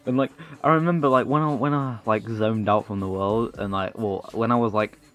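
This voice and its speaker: A man's voice: fairly low pitch, fairly even intonation, normal speed, a bit bright. A man, telling a rambling comic story full of swearing and self-mockery.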